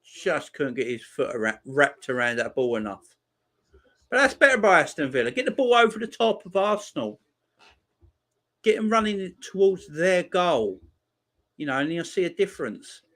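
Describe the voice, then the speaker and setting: A man's voice: big pitch swings, moderate pace. Chatty man hosting a live football watchalong. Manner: chatty, reads and answers viewer comments; reacts loudly to chances on the pitch. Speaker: watchalong host. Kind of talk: live match watchalong commentary.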